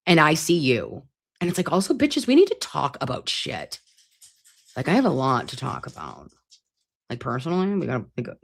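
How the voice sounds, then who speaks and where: A woman hosting a casual live stream, reading viewer comments aloud in an animated, expressive way and swearing freely. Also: low-pitched.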